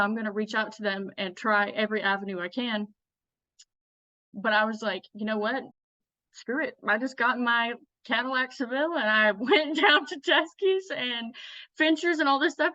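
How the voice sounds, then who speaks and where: A young woman guest telling her story in a casual interview, blunt and energetic, laughing often and close to tears. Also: a little high, no echo, muffled recording. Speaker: guest, clothing designer.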